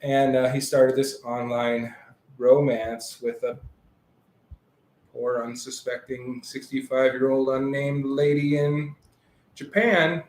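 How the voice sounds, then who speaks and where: A man's voice: medium pitch, level tone, slow pace, a little mellow, roomy sound, rough recording. A man co-hosting a casual podcast, telling a story and laughing often as he talks. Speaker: podcast co-host. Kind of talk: casual chat.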